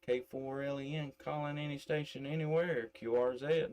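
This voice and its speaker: A man from middle Tennessee, working ham radio through a desk microphone, drawls casually on the air in a Southern accent with lots of fillers. His mid-range voice is a little mellow, moving at a normal speed with fairly even intonation.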